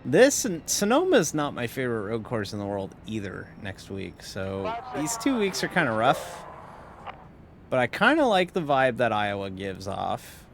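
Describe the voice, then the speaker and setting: A man's voice: medium pitch, huge pitch swings, a little slow, gravelly, a little hiss or hum. A tired man giving casual, rambling live-stream commentary while sim racing, wry and swearing now and then. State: tired, yawning.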